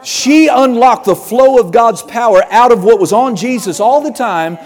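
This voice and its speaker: A man preaching a sermon with fervor, building to shouts and acting out voices of Bible figures. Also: very high voice, moderate pace, big-room sound.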